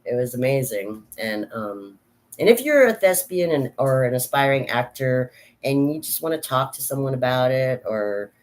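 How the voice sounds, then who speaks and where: A woman's voice: rumbling low, lively intonation, moderate pace. A woman vlogger talking casually and frankly, rambling between thoughts and often laughing at herself. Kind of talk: casual personal chat.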